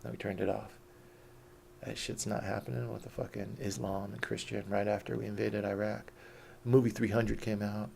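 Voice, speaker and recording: Gravelly man, low voice, profane unscripted vlog rant, combative and mocking, faint hiss behind. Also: little pitch movement, moderate pace, darkish tone. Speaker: vlogger.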